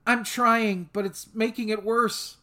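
A man's voice: sits high, fairly even intonation, takes it slowly, sharp tone, voice pushed up, heavily acted. A man voicing a frightened, apologetic young woman whose body is tendrils, speaking in a pleading way.

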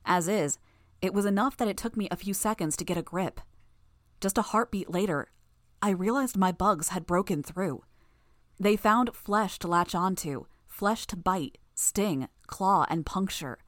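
A woman narrating a first-person audiobook in a steady storytelling manner. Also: medium pitch, measured pace, no echo, studio quality.

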